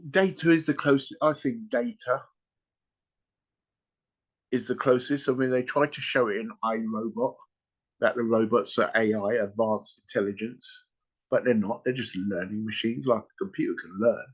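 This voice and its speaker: A man hosting a podcast, retelling a story in casual chat, animated and peppered with "you know" and "right?". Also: mid-range voice, moderate pace. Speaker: podcast host.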